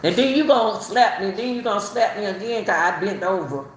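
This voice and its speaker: A woman's voice: mid-range voice, a little fast. Woman, middle-aged, from Chicago, casual storytelling, laughs a lot, mid-range voice, echoey room. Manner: animated, laughs often mid-sentence, repeats herself. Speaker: speaker telling her own story. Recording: roomy echo, faint ambience.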